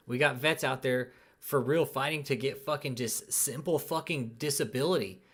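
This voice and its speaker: A man's voice: medium pitch, a bit bright. Angry, swearing man ranting as host. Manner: angry, profane, repeats "dude" and "man". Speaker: channel host. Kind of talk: ranting live commentary.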